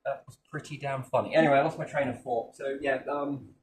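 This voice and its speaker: A man's voice: mid-range voice, steady tone, a little fast, far from the mic, a little hiss or hum. A man chatting casually and animatedly, jumping between topics and swearing freely. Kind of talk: rambling casual chat.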